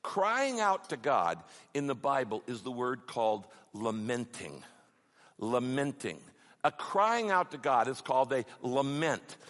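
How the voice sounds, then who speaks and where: A middle-aged man preaching a sermon, passionate and emphatic, building to loud peaks. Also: mid-range voice, sing-song, measured pace. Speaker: pastor. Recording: long hall reverb.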